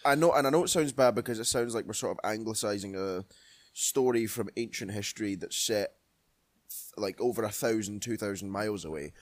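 A man's voice: fairly low pitch, brisk, no echo. A man co-hosting a film podcast, chatting bluntly and swearing freely. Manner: blunt, swears freely, puts on comic voices. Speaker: podcast co-host. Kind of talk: casual film review chat.

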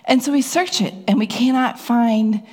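A woman's voice: normal speed, darkish tone. A woman preacher telling a personal story to her church in a chatty way. She asks the crowd questions and acts out voices. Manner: acts out voices with rising pitch. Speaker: pastor. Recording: long hall reverb.

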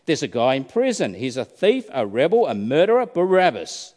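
A man's voice: on the high side, big pitch swings, moderate pace, darkish tone. A male preacher voicing a wavering Roman governor who is coaxing a crowd. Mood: persuasive. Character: wavering Roman governor, middle-aged man. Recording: reverberant hall.

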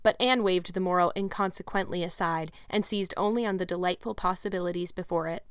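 A woman narrating a classic novel as an audiobook in a calm, even storytelling manner. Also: fairly low pitch, brisk, smooth, no room sound, studio quality. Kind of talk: scripted narration.

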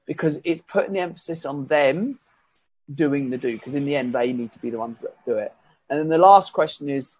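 A man's voice: fairly high pitch, moderate pace, no room sound. A man, a fitness coach, explaining his coaching method in a chatty, rambling way that corrects itself as he goes. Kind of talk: casual explanatory talk.

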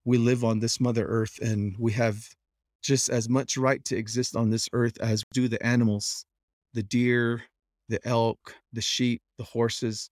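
A middle-aged man shares family memories in a voice of ordinary pitch. He tells them with energy and slips into the voices of the people he quotes. The recording is close and dry, with no room sound. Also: no room sound. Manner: animated, quick to act out quoted voices. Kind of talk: personal storytelling.

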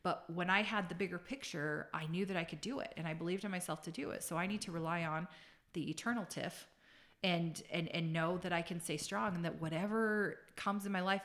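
A woman's voice: lowish voice, a bit bright. A woman guest telling a personal faith story, speaking in a reflective, sincere way and sometimes searching for words. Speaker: interview guest.

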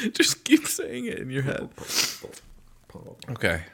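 A man's voice: mid-range voice, huge pitch swings, slow pace, vocal fry, a bit bright, slight background noise. A young man improvising a comedy bit with a friend, easygoing and laughing often.

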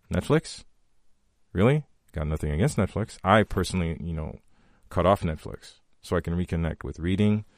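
A man's voice: low-pitched, no room sound, studio quality. A man hosting a podcast, giving heartfelt motivational talk to his listeners, repeating his key phrases for emphasis. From from a country with long power outages. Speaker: podcast host.

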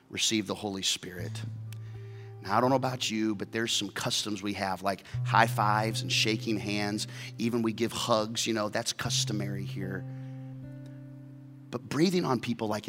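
Animated, bright-voiced male pastor. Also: medium pitch, big-room sound. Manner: animated storytelling, acting out voices. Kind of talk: sermon.

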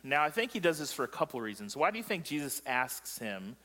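A man's voice: on the high side, big pitch swings, a little fast, bright, forceful tone. Joking male pastor in echoey hall. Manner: joking, asks the congregation questions. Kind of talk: sermon. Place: church sanctuary.

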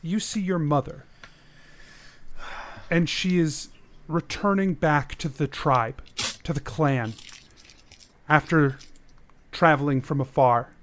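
A man's voice: a little high, slow pace, long pauses, fairly bright tone, a little hiss or hum. A man narrating a tabletop role-play game as game master in a casual way, with many fillers.

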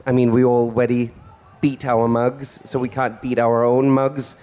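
A man's voice: medium pitch, level tone, unhurried, hardly any pauses, warm tone. A man performing in drag as host of a stage comedy show, flamboyant and teasing in a theatrical way. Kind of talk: campy stage stand-up. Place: stage before a live audience.

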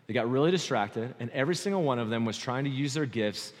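Animated male pastor preaching in a reverberant church. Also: medium pitch, quick pace. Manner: conversational, animated, often checks in with "okay?". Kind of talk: sermon. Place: church sanctuary. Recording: long hall reverb.

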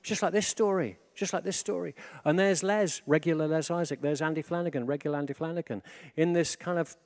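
Animated man preaching a casual sermon. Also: a little high, a little fast. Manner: animated, swings between hushed and excited. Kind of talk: informal sermon.

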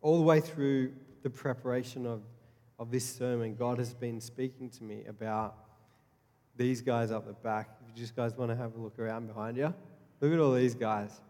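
A man's voice: mid-range voice, steady tone, normal speed, dark tone. A man preaching a sermon as pastor, earnest and repeating his key lines, stumbling and restarting often. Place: church hall. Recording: long reverb of a church hall.

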